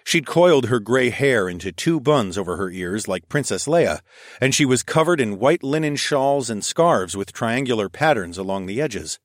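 A man reading a first-person story aloud, expressive and sometimes dropping to a whisper. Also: mid-range voice, moderate pace, no room sound, studio quality. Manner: expressive, shifts into whispers for dialogue. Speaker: audiobook narrator.

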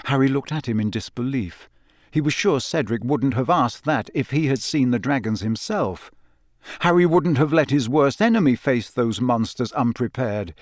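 A man narrates a story in a steady, measured way, his voice sitting in a comfortable middle pitch. The recording is close and completely dry, with no room sound around it. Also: no echo. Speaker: audiobook narrator. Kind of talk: scripted narration.

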